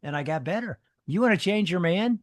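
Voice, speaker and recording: A man's voice: sits high, expressive, brisk, no room sound. A man who is a former pastor and radio co-host, talking casually and building up to emphatic exhortations. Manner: emphatic, rises to punchy exhortations. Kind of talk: casual chat with preacher-like emphasis.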